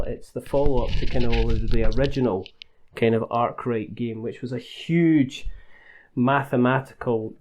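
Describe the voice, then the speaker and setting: A man reviewing a board game in a relaxed, rambling way, with many fillers and restarts. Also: mid-range voice. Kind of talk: casual review talk.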